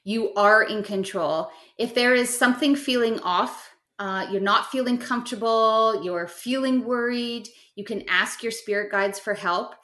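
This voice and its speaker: Middle-aged woman guiding gently, roomy sound. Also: a little high, unhurried, hardly any pauses. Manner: gentle, instructive, step-by-step guidance. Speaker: guest teaching spiritual practice. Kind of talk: explanatory podcast chat. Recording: roomy echo.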